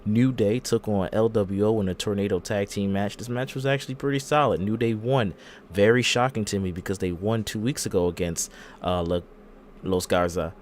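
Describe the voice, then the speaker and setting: A man hosting a podcast in casual chat, retelling events in an animated way and acting out the quotes. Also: on the low side, normal speed, a little hiss or hum. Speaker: podcast host.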